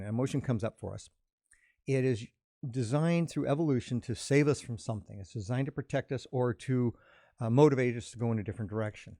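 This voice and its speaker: A man in an earnest, reflective conversation about emotions, explaining his view calmly. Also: mid-range voice, no echo, clean studio sound. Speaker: podcast host.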